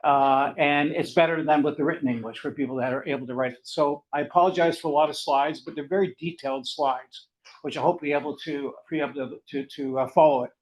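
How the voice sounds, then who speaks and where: An older man with a Canadian accent giving an academic seminar lecture in a fast, rambling, conversational way. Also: fairly high pitch, steady tone, rough recording. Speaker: guest lecturer.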